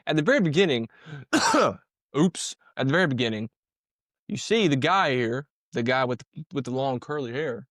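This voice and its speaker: Animated and moderately paced, this man's medium-pitched voice has a fairly bright tone, captured cleanly in a studio without room sound. He comments casually on police footage, using slang, repeating lines, and dropping in sound-effect words.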